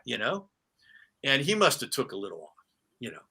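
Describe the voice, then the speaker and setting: A middle-aged man, a retired sportscaster, telling animated stories in a casual interview, with many restarts and fillers. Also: medium pitch, a little fast, gravelly, husky.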